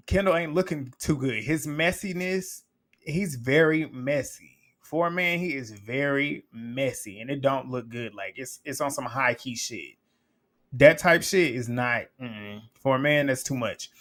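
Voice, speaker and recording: A man's voice: medium pitch, lively intonation, normal speed, a bit bright. A man giving a casual recap of a reality TV episode, chatty and blunt, swearing freely and laughing often as he acts out what people said.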